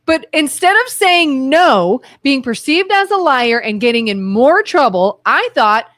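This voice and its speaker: Woman, co-host, lively pitch swings, bright, dry close sound, tells stories. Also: measured pace, no room sound. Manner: animated storyteller, voices the people in her stories. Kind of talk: casual talk-radio chat.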